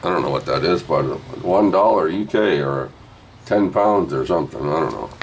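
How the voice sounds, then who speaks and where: Brief: deep-voiced man, rambling joker selling a comic at home, faint hiss behind. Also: animated, normal speed, rough recording. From Canada. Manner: jokey, rambling, swings from low mutters to loud hype. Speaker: vlogger auctioning a comic book. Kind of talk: rambling casual sales pitch.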